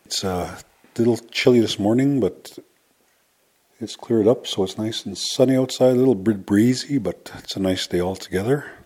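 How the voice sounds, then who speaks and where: A man giving a relaxed, casual language lesson, repeating each phrase slowly for learners. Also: on the low side, husky. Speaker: Cree language teacher.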